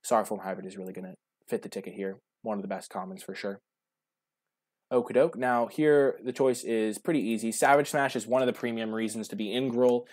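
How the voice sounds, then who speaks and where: Low-voiced man casually commentating a card draft. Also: fairly even intonation, brisk, darkish tone. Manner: chatty, thinks aloud, answers chat. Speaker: streamer.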